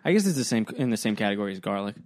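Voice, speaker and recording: A man's voice: fairly low pitch, very animated, racing, a little mellow. A man co-hosting a podcast, chatting casually about food and swearing freely. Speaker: guest podcast co-host. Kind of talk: casual chat.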